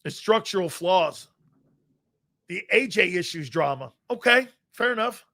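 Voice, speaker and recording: A man's voice: high voice, expressive, a little slow, creaky, pushed and bright. A middle-aged man hosting a live sports talk show, brash and profane, rambling through chat comments and laughing often.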